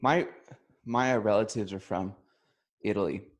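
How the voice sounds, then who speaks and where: A man in casual podcast chat, telling anecdotes in an animated way and laughing often. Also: fairly low pitch, moderate pace. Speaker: podcast co-host.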